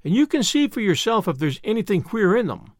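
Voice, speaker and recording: A man's voice: sits high, sing-song, a little fast, dry recording, studio quality, pitched above the performer's own voice. A man reading the part of an eager, earnest little boy with polite, old-fashioned speech.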